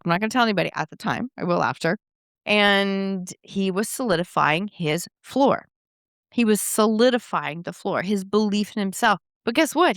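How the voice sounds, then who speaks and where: Woman, middle-aged, from Canada, solo podcast host, conversational storytelling, mid pitch, dry sound. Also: no echo. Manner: conversational, animated, acts out quoted dialogue.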